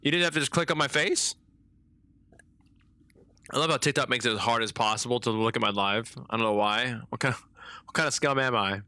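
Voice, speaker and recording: Chatty guy streaming live gameplay, bright voice, dry close sound. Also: mid-range voice, a little fast, long pauses, no room sound. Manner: chatty, easily surprised, talks to chat.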